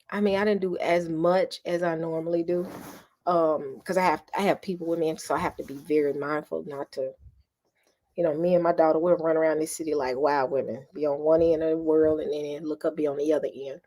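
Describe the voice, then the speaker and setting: A middle-aged woman, chatting casually with her live viewers. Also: fairly low pitch. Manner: chatty, animated, addresses viewers as y'all. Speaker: vlogger talking to live viewers. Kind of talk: casual live-stream chat.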